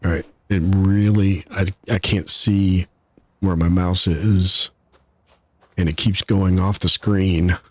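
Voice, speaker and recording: A man's voice: sits low, steady tone, slow pace, dry recording. A man casually commenting while he streams a game live, chatty and laughing at his own troubles from his home setup. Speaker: gaming streamer.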